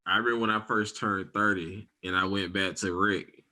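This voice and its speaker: A man's voice: sits low, fairly even intonation, normal speed, pushed and bright. A man in his thirties co-hosting a podcast, bantering in heavy slang. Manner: slangy banter, ends lines with "bro" and "boy". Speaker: podcast co-host. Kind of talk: casual chat.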